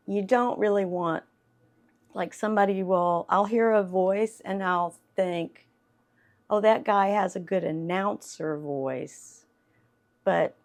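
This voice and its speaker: Woman, 60s, faint Southern accent, low-pitched, unhurried anecdotal talk. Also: gravelly. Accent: light Southern US. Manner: chatty, unhurried, laughs often. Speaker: actress and voiceover artist giving a talk. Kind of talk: storytelling talk to an audience.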